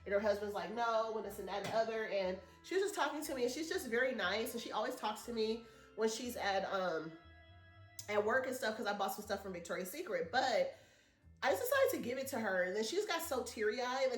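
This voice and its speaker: A woman's voice: on the high side, roomy sound. A woman vlogger, chatting casually and telling a rambling story to her viewers. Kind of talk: casual chat to camera.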